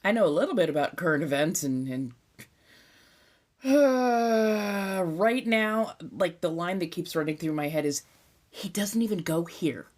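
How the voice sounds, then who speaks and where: A woman with a Californian accent, chatting casually on a live stream, laid-back and swearing freely, now and then dropping into soft whispers. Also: lowish voice, lively intonation, a little slow. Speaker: ASMR streamer.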